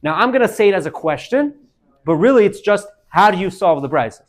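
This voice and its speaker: A man teaching Talmud to a class, animated, calling on students by name and quizzing them. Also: high-pitched, fairly quick.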